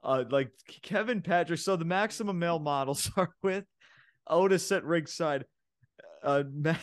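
A man co-hosting a wrestling podcast, recapping the show in casual chat, excitable and full of fillers and laughs. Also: on the high side, moderate pace, clean tone. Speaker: podcast co-host reviewing wrestling.

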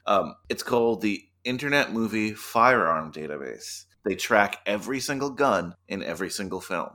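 A man's voice: deep voice, bright, forceful tone. A man co-hosting a podcast in casual chat, making wry, chatty asides. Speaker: podcast co-host.

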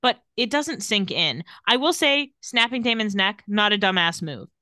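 A woman co-hosts a relaxed chat about a TV episode, retelling scenes with acted quotes and easy laughter. Her voice is bright and clear. The sound is dry, with little room around it. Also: mid-range voice, normal speed, no echo. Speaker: podcast co-host. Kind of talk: casual recap chat.

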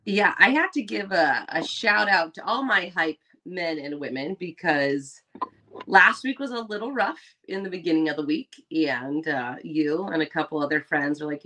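A woman's voice: low-pitched, moderate pace, sharp tone. A woman co-hosting a podcast, talking earnestly and encouragingly in casual chat. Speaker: podcast co-host.

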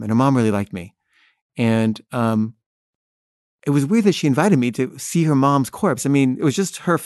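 A filmmaker telling a personal story in first person, wry and candid, laughing at himself. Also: male voice, medium pitch, a little mellow, dry recording, studio quality.

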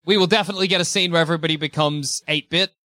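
A man talks casually on a podcast, animated and quick to laugh. His voice sits a little high with a bright, forceful edge. The sound is dry and close. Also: dry recording. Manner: animated, laughs often, bursts into mock voices.

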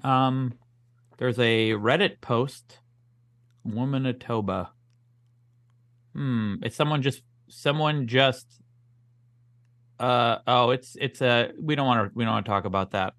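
A man's voice: medium pitch, slow, long pauses, fairly bright tone, dry recording. Dude playing the straight man on a podcast, dry and fed up, mid voice, no room sound. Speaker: comedy podcast co-host. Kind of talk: casual comedic banter.

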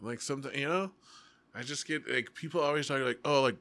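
A young man in casual chat, ranting with lots of swearing and an animated, emphatic manner. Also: mid-range voice, fairly quick, gravelly, no room sound. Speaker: works with middle schoolers.

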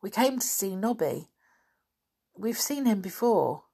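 A woman's voice: mid-range voice, big pitch swings, measured pace, vocal fry, warm tone, slightly rough, pitched above the performer's own voice, heavily acted. A woman voicing a polite, composed older boy who is in charge of the group, in a read-aloud story.

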